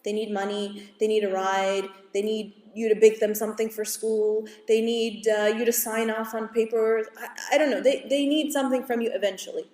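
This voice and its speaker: A woman school psychologist giving a calm, explanatory parenting talk to an audience, now and then acting out what parents and kids say. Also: a little high, moderate pace, few pauses. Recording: echoey hall from far off.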